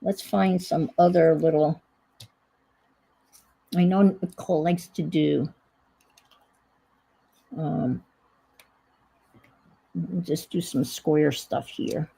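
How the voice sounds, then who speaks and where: Slow, gravelly-voiced woman crafting aloud. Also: low-pitched, steady tone, dark tone, poor audio. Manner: rambling, thinking aloud, self-deprecating. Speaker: crafting livestream host. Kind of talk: casual chat while crafting.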